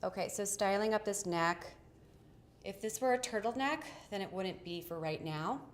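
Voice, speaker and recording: A woman's voice: mid-range voice, lively intonation, normal speed, slight background noise. A woman hosting a live fashion try-on from her small home studio, chatty and addressing viewers directly. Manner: chatty, self-interrupting, talks to viewers. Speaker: fashion livestream host. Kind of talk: casual live try-on chat.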